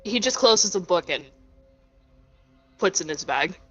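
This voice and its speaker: A player describes a character's actions, thinking aloud and often restarting sentences. The voice is bright and tense, at a middle pitch. Faint music plays behind. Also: expressive, measured pace. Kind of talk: casual tabletop role-play.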